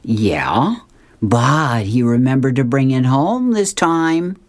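A man's voice: medium pitch, very animated, takes it slowly, no echo. A man voicing a cheerful, joking husband and father from a comic strip. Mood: upbeat.

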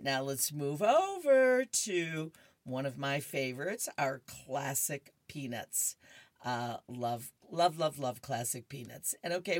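A woman's voice: low-pitched, no echo. A woman reading horoscopes and newspaper comics aloud in a chatty, amused way, adding asides and laughing between strips. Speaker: radio-style reader of horoscopes and comics.

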